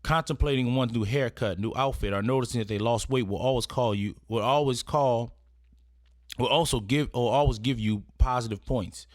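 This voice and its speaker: Clean, dry studio sound carries a man's mid-range voice at normal speed as he presents etiquette advice. His instruction is casual and partly read, and he frequently checks in with "right?" in a conversational way.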